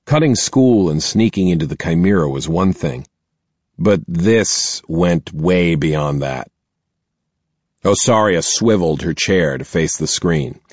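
A man narrating a first-person audiobook in a slow, expressive reading. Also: deep voice, dry recording, lo-fi sound.

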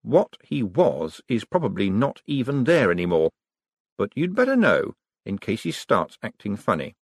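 A man voicing a calm, confiding father, heard as a memory, in an audiobook. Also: lowish voice, moderate pace, slightly rough, dry recording, clean studio sound, exaggerated voice. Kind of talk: audiobook character voice.

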